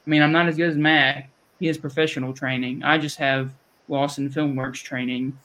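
A man's voice: medium pitch, level tone, normal speed, a bit bright. A man with a Southern US accent hosting a podcast, rambling and chatty, often restarting his sentences. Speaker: podcast host. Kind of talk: casual chat.

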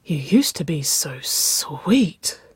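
A reader voicing a smitten, flustered young woman who speaks in hushed, strained whispers in a storybook reading. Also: mid-range voice, steady tone, measured pace, vocal fry, breathy edge, no room sound.

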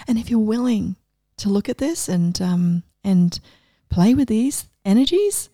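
A middle-aged woman coach giving a casual, enthusiastic inspirational talk, animated and laughing often. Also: medium pitch, unhurried, no echo, clean studio sound.

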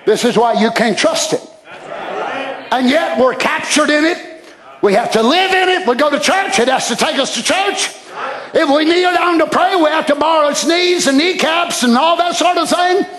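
High-voiced man preaching fervently in an echoey hall. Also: expressive, moderate pace. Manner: shouting, fervent preaching with sudden drops to quiet asides. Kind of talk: impassioned sermon. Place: church sanctuary.

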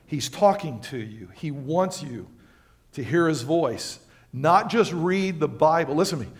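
A male pastor preaching a sermon to his congregation, swinging between loud emphatic lines and quiet, low asides. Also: expressive, unhurried. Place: church sanctuary.

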